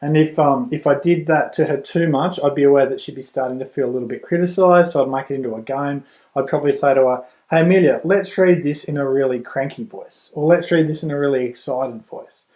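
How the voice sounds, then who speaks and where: A middle-aged man, a reading tutor and parent, explaining at home in a relaxed way with a few restarts. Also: medium pitch, a little fast. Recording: roomy echo.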